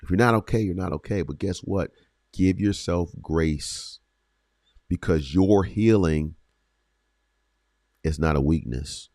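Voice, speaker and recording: A man with a very low voice speaks earnestly as a faith podcast host. He repeats his phrases and leans on slow, emphatic pauses. The sound is dry and close, with no room around it. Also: a little mellow, no echo. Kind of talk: encouraging faith podcast talk.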